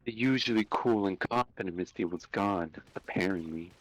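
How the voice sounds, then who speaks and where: A man narrating a fan story aloud on a live stream, unhurried, with small slips and restarts. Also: deep voice, no room sound, low-quality recording.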